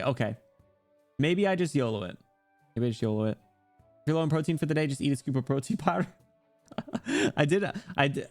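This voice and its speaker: A man with a slightly high voice and a darkish tone streams and chats casually with his viewers. He rambles, jokes around and pokes fun at himself.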